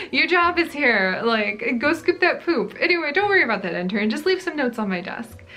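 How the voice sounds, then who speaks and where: A woman's voice: high voice, very animated, moderate pace, bright, forceful tone, faint music behind, voice pushed up, heavily acted. A woman putting on the voice of a cheerful, bossy head zookeeper who orders her intern around. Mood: playful bossy. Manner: upbeat, playful orders.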